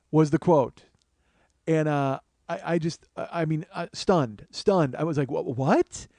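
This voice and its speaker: A man telling a long comic story on his show, swearing often, starting in low murmurs and building to excited, rising outbursts. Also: measured pace, dry recording. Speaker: comedian and podcast host. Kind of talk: storytelling monologue.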